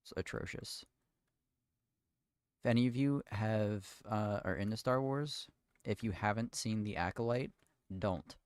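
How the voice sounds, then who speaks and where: A man's voice: on the low side, unhurried, darkish tone, clean tone, no room sound. Ranting young man in a dry room. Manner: ranting, rambling with restarts and swearing. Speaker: streamer. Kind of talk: casual chat while building.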